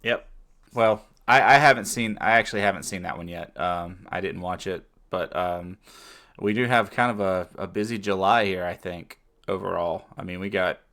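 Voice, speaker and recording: A man co-hosts a relaxed podcast conversation. His voice sits very low, and he talks in an even, unhurried way. He keeps reaching for ums and uhs as he thinks aloud. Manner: measured, with many fillers. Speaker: podcast co-host. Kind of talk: casual chat.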